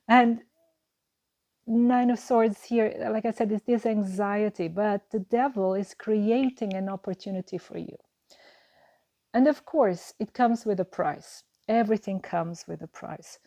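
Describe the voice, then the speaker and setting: A woman's voice: mid-range voice, warm tone. A woman giving an earnest, reassuring tarot reading to camera, musing and repeating her phrases as she goes. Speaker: tarot card reader.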